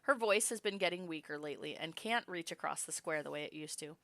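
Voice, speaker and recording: A woman's voice: sits low, quick pace, fairly bright tone, no room sound. A woman streamer reading game text aloud and chatting casually with her viewers. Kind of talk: game narration and casual live chat.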